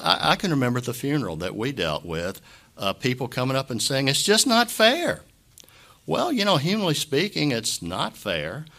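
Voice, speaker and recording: Pastor guy winging a sermon, keeps clearing his throat, heartfelt, voice swings up and down a lot. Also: medium pitch, a bit bright. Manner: halting, clears throat often; emotional, earnest. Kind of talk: impromptu sermon.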